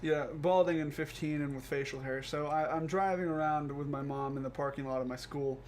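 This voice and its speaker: A young man, a podcast co-host, telling a comedic story with animated delivery and swearing. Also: fairly high pitch, brisk. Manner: animated, swearing, acts out quoted voices. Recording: faint background noise.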